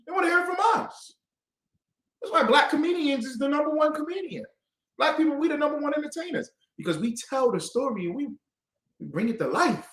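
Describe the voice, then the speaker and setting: A man's voice: extremely high pitch, lively intonation, brisk, fairly bright tone. A man leading a call-and-response Bible class, quizzing his students with emphatic questions. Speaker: class teacher. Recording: echoey room.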